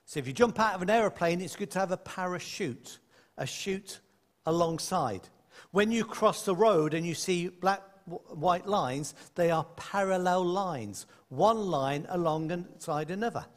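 A man preaching a sermon to a congregation, lively and conversational, with playful asides. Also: high voice, measured pace. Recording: echoey hall.

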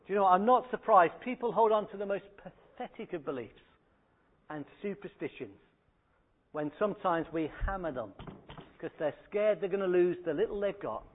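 A man in his thirties preaching a sermon in a conversational, anecdotal way. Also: fairly high pitch. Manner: anecdotal and conversational, with acted quotes. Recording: phone-like narrow band.

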